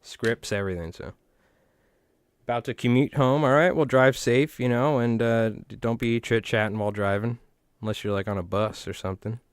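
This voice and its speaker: A New York-accented man hosts a fly tying stream, chatting and joking with viewers in a rambling, casual way as he ties flies. His voice is medium in pitch with a clean tone, and he talks at a moderate pace. The recording is dry, with clean studio sound.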